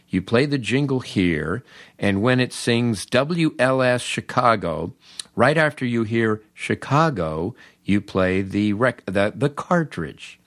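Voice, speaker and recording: A man doing a patient, weary radio engineer. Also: mid-range voice. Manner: explaining slowly and carefully.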